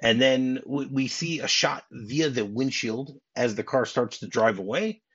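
A man's voice: mid-range voice, measured pace, fairly bright tone, slightly rough, no echo. A middle-aged man hosting a podcast, chatting casually about a film in a rambling way with restarts and chuckling asides. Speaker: podcast host. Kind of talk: casual film-discussion chat. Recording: dull, dry home-podcast audio.

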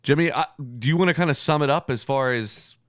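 A man's voice: a little high, fast talker, smooth, dry recording. A man hosting a sports podcast, bantering bluntly and swearing freely in casual talk. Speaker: podcast host.

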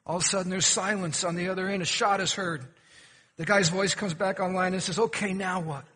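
Bright-voiced preacher man in a reverberant hall. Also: sits high, level tone, a little fast, a little hiss or hum. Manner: questioning the congregation, folksy jokes. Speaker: pastor. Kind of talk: sermon with humorous stories. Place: church sanctuary.

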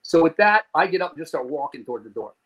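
A man from New Jersey, a podcast guest, telling a story in a lively way, swearing and acting out scenes. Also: a little high, fast, breathy edge, rough recording. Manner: animated, swearing, acts out scenes. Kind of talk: profane comic storytelling.

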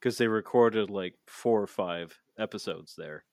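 Unhurried, with a fairly low pitch and darkish tone, a man co-hosts a casual podcast chat, profane and rambling with many fillers. No room sound is audible.

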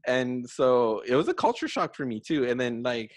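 A young man hosts a relaxed chat, talking in a loose, friendly ramble full of fillers and quick laughs. His voice sits at an ordinary middle pitch. It is recorded close and dry, with no room sound. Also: no room sound. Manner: chatty, laughs often, many fillers. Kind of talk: casual conversation.

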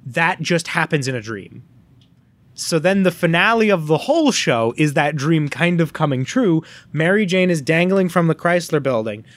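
Animated male podcast co-host, dry sound. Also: on the high side, moderate pace, no room sound. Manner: animated storyteller who acts out quoted lines. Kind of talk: casual chat.

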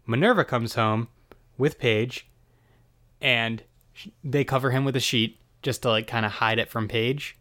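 A man giving a casual, rambling recap of a TV episode, wry and quick with crude asides. His voice sits at a middle pitch for a man and sounds like his everyday speaking voice. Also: pushed and bright, no echo.

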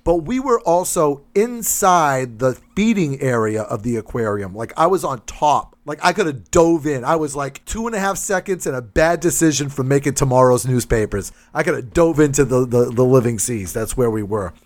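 A man's voice: mid-range voice, normal speed, few pauses. A man from Massachusetts casually telling a funny story on a podcast, acting out other people's lines. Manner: animated anecdotes, acts out other people's lines, laughs often.

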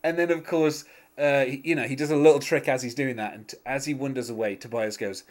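A man's voice: medium pitch, fairly even intonation, a little fast. A man chatting casually on a podcast, laughing often and talking with lots of fillers and restarts. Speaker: podcast host. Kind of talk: casual chat recapping a TV episode.

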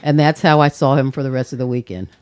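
A woman's voice: rumbling low, fairly even intonation, quick pace, a little mellow. A woman in her fifties, a grandmother co-hosting a community radio show in casual, playful chat, laughing often.

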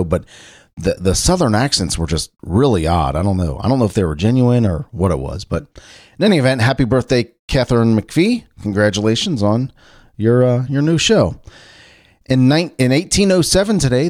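Low-voiced rambling man from Ohio. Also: a little mellow, no room sound, clean studio sound. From Cincinnati, Ohio. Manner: rambling, loose and conversational, with frequent restarts. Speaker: podcast host. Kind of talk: casual solo chat.

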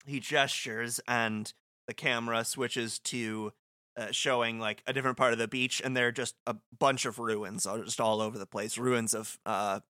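A man's voice: mid-range voice, flat delivery, moderate pace, bright, forceful tone, no echo, clean studio sound. A man co-hosting a casual chat, joking and laughing often. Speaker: podcast co-host.

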